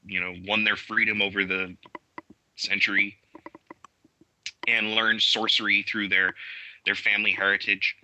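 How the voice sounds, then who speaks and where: A man's voice: fairly low pitch, bright, forceful tone, poor audio. A man chatting as a podcast guest, telling stories enthusiastically and restarting his sentences often with many fillers. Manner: enthusiastic storytelling. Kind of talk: casual interview talk.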